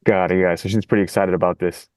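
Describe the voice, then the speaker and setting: A man's voice: deep voice, fairly even intonation, fast talker, a little mellow, dry recording, studio quality. A man playing a real estate agent in a practice phone call, polite and careful, following a script. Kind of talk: role-play sales call.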